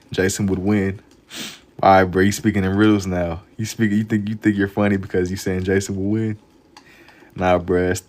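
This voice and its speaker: A man's voice: sits low, level tone, fairly quick, a little mellow. A young man casually chatting with his live-stream viewers while drawing, laid-back and full of slang. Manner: laid-back slang-heavy banter, reads chat aloud.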